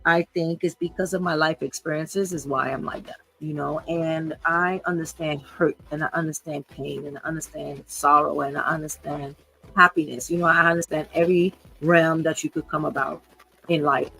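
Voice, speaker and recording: A woman's voice: low-pitched, steady tone, normal speed, creaky, sharp tone, husky, low-quality recording. Woman, fifties, hosts her own live show off the cuff; earnest, emotional, circles back on her words. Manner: emotional, earnest, repeats herself. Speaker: podcast host. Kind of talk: unscripted livestream talk.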